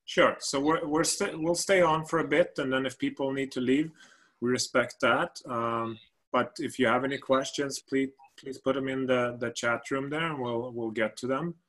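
A man's voice: medium pitch, steady tone, normal speed, a bit bright. A man moderating a webinar question session, speaking in a friendly, conversational way and often repeating words as he goes. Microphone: video call.

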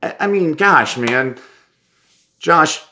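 A man telling stories as a podcast guest and presentation coach, animated and acting out quoted lines, often restarting words as he talks. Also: a little high, takes it slowly, a little hiss or hum. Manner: lively, stammers restarts, acts out quotes. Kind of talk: animated anecdotal storytelling.

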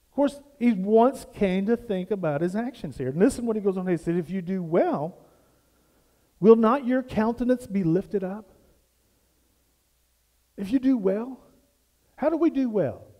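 A man's voice: high voice, animated, normal speed, long pauses, mellow, big-room sound. A man preaching a sermon as pastor, building emphasis through repeated questions and phrases. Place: church sanctuary.

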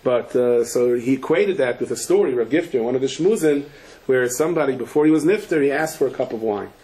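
Animated rabbi telling stories. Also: male voice, medium pitch, brisk, poor audio. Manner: animated storyteller, rises to shouts at punchlines; sprinkles Yiddish and Hebrew terms, frequent restarts. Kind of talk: Torah lecture with stories.

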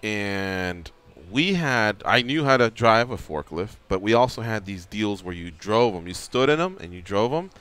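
A man's voice: on the low side, normal speed, few pauses, clean tone. A middle-aged man hosting a radio show, telling a story casually and acting out the quotes. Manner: animated storyteller, acts out quotes.

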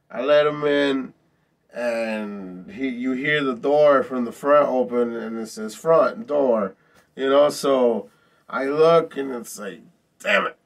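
A man's voice: medium pitch, gravelly, recorded from a distance. A man vlogger telling a story in a casual, profane, rambling way, repeating himself often. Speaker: vlog host.

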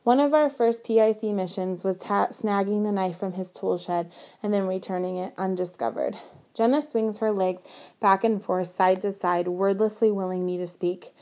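A woman reading a novel aloud in first person, with earnest, steady storytelling. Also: mid-range voice, normal speed, poor audio. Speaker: audiobook narrator.

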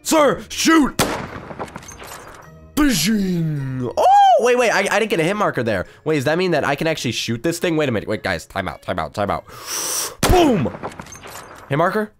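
A young man hosting a gaming video, giving excited play-by-play and shrieking in mock panic. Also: fairly high pitch, brisk, loud music behind the voice. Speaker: YouTube gaming host. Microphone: desk mic with face cam.

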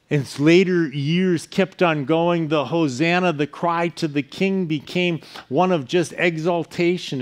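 A man, a pastor, preaching a sermon in an earnest way, his voice often falling soft at the ends of phrases. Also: a little high. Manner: earnest preaching with softer dropping phrase endings.

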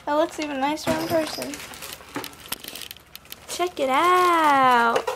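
A woman's voice: sits high, slow pace, background noise. A young woman vlogging casually, cooing to her puppy in a sing-song voice. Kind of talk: casual vlog chat.

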